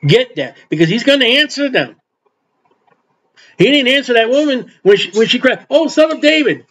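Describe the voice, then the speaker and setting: A man's voice: very high voice, very animated, normal speed, fairly bright tone. An older man preaching an informal Bible sermon in a folksy way, acting out quotes and adding asides. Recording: dull lo-fi recording.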